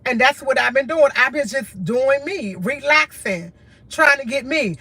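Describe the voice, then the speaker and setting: Woman, high-pitched, tired, earnest and repetitive, livestream chat. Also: animated, unhurried, sharp tone, husky, no room sound. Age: adult with a school-age son, in college. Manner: weary, earnest, speaks in short repeated phrases. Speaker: livestream host. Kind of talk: candid livestream talk.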